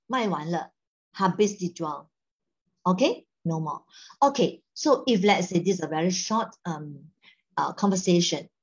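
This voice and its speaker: A woman's voice: mid-range voice, slightly rough. A woman with a Malaysian accent teaching a Mandarin lesson, mixing English and Mandarin and explaining words step by step. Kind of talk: language lesson. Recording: dull lo-fi sound.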